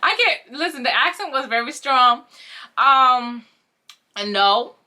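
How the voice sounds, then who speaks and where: A young woman telling a casual storytime vlog, animated and acting out the voices of the people she quotes. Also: high-pitched, slow. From Haitian family. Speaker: vlogger.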